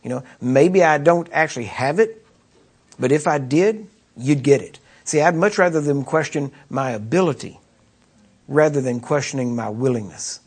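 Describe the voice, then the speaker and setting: Husky-voiced man preaching a sermon. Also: a little high, moderate pace. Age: adult with children. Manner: conversational preaching, rhetorical questions.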